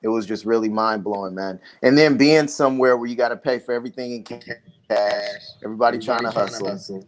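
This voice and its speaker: Laid-back low-voiced man. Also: brisk. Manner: laid-back, says "man" and "dude" a lot. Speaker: livestream co-host. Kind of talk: casual chat.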